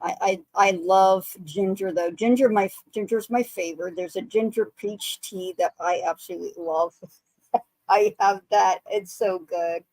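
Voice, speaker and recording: A woman's voice: mid-range voice, unhurried, a little mellow, no echo, poor audio. A woman guest, a psychic medium, telling stories in an earnest, eager and giggly way. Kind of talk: casual storytelling chat.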